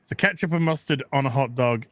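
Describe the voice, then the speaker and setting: A man's voice: mid-range voice, fairly quick, crowd noise. A man joining a live stream as a guest, bantering playfully and joking about comics and food. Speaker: guest co-host. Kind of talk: casual chat on a live stream.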